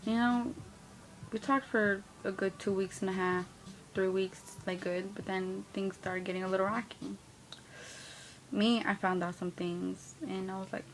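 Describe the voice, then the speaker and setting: A woman's voice: mid-range voice, little pitch movement, moderate pace, slight background noise, low-quality recording. A young woman telling a blunt, profane, slang-heavy story of being played by a boyfriend. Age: young adult. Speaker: vlogger. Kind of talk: casual storytelling rant.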